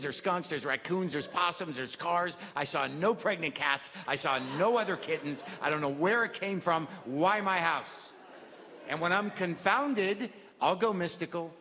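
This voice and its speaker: A man's voice: high voice, moderate pace, sharp tone, a little hiss or hum. A middle-aged man doing a stand-up routine, rambling and self-deprecating in a wry, neurotic way. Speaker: stand-up comedian. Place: stage in a theater. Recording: live theater with crowd and reverb.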